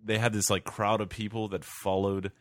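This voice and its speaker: A man's voice: lowish voice, level tone, normal speed, fairly bright tone, no room sound. A man co-hosting a podcast, rambling and joking with profane asides. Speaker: podcast co-host. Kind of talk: casual chat.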